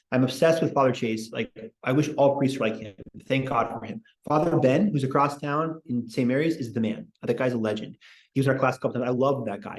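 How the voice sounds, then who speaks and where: A man hosting a casual history podcast, reading quotes aloud with opinionated, digressive asides. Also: mid-range voice. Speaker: podcast host. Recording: echoey room.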